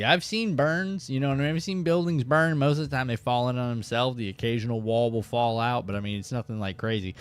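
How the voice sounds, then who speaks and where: A man hosting a live fishing stream, telling stories in a rambling, chatty way and often jumping into excited high bursts. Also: a little fast, few pauses, faint music behind. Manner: rambling, chatty, lots of "you know what I mean". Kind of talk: casual live-stream storytelling.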